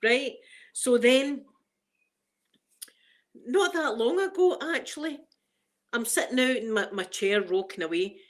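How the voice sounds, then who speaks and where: A woman's voice: a little high, expressive, unhurried, pauses often. A middle-aged Scottish woman hosting a casual live chat, emotional and fighting back tears as she greets viewers by name. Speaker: livestream host.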